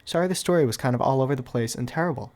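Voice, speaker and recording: A man's voice: medium pitch, very fast, a little mellow. A young man casually telling a storytime, rambling and packing his talk with "like", with offhand, wry asides. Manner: rambling, filler-heavy with constant "like". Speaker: storytime YouTuber.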